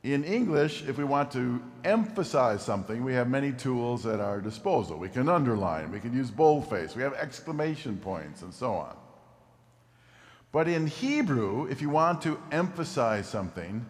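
A pastor preaching a sermon, animated, dropping low and slow to stress key words. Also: male voice. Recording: long reverb of a large hall.

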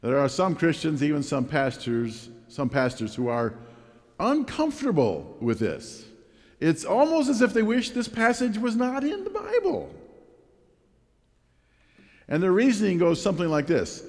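Pastor guy preaching slow, voice swings up and down a lot, long hall echo behind him. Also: fairly high pitch. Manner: expressive preaching with rhetorical questions. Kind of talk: sermon.

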